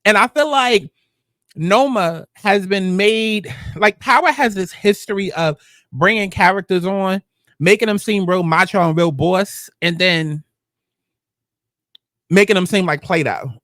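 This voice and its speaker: At a measured pace, a female TV recap host talks through an episode with animated, profane bluntness and abrupt pitch jumps. The sound is clean studio audio with no echo.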